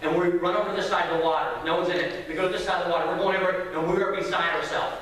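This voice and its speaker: A man preaching, telling a family story with lively acted-out voices. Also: high voice, very fast, a little hiss or hum. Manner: animated storyteller acting out voices. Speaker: pastor. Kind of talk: sermon storytelling. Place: church sanctuary. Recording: echoey hall from far off.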